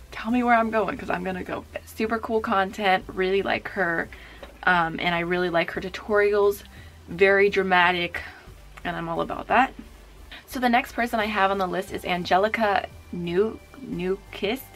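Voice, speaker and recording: Chatty young woman with vocal fry. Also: mid-range voice, fairly bright tone. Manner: chatty and gushing, many fillers. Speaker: beauty vlogger. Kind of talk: casual chat.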